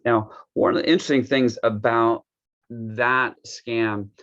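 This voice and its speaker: A man's voice: mid-range voice, steady tone, unhurried, a bit bright, lo-fi sound. A man casually walking through a wellness device demo, rambling loosely with plenty of fillers and restarts. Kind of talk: casual unscripted product walkthrough.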